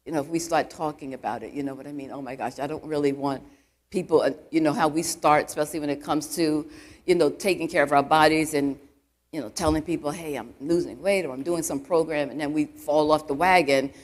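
A woman's voice: low voice, a little fast. Chatty woman preaching to a congregation. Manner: chatty, full of "you know" asides, quizzes the congregation. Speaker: church elder preaching. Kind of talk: conversational sermon. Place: church, before a live congregation.

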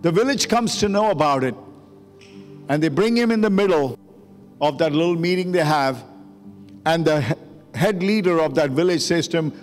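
Speaking at a moderate pace and pausing often, this fairly high-voiced pastor tells an emotional sermon story that builds toward urgency. The sanctuary's long reverb surrounds him, with music underneath.

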